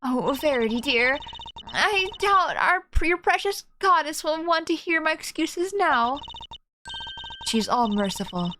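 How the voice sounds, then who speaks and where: A woman's voice: high voice, expressive, measured pace, sharp tone, slight background noise, voice pushed up, full character voice. A woman putting on a syrupy Southern-drawling schemer. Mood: smug. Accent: put-on Southern US drawl.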